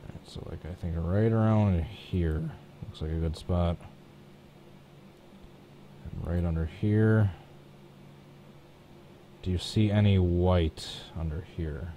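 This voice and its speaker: A man's voice: low voice, slow pace, long pauses, narrow, tinny audio, a little hiss or hum. A man streaming live, chatting casually and self-deprecatingly as he talks himself through each step of painting a race truck on his computer. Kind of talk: casual thinking-aloud commentary while working.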